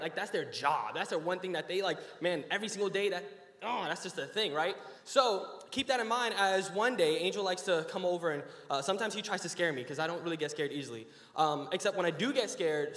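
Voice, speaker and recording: A man's voice: sits high, fairly bright tone. A young man giving a short sermon, shifting from casual storytelling to emphatic preaching before an audience. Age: young adult. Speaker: student preacher. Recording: echoey hall.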